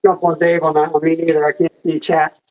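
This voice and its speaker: A man's voice: fairly high pitch, monotone, fairly quick, a little mellow, a little hiss or hum. An easygoing man joking about himself during a casual live chat. His voice comes through slightly muffled and dull, as over call audio. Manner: easygoing, self-mocking humor.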